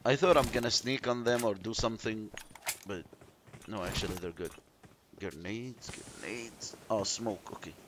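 A man giving chatty, excitable commentary while playing a shooter game, yelping when surprised. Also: fairly low pitch, a little fast, noisy background. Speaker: mobile game streamer.

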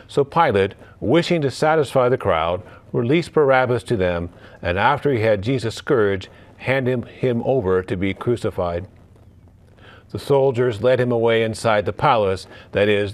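Priest, male, lowish voice, measured Gospel reading and homily with occasional restarts.

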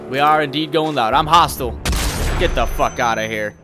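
A young man giving casual, excitable gameplay commentary, thinking aloud and swearing. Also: medium pitch, normal speed, over music.

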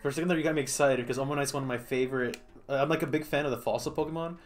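A man's voice: mid-range voice, fairly even intonation, rapid-fire, soft background music. A man streaming a game, chatting casually and playfully, laughing often and talking to the creatures on screen. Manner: playful, giggly, talks to the game. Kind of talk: casual gameplay commentary.

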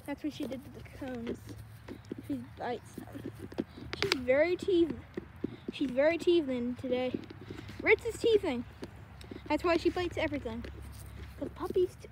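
A pet vlogger with a high-pitched voice films a casual handheld vlog outside, chatting fondly to her dogs in a sing-song manner. There's background noise, including the dogs barking.

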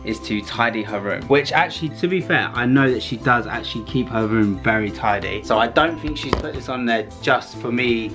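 A man's voice: mid-range voice, brisk, few pauses, music in the background. A middle-aged man from Britain, a vlogger dad chatting casually and teasing in a dry way. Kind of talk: casual vlog chat.

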